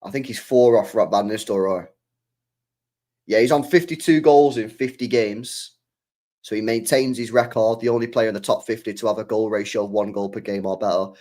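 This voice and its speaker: A man's voice: on the low side, fairly even intonation, normal speed, a little mellow. A young man talking casually on a live stream as a football fan, passionate, swearing and repeating his points.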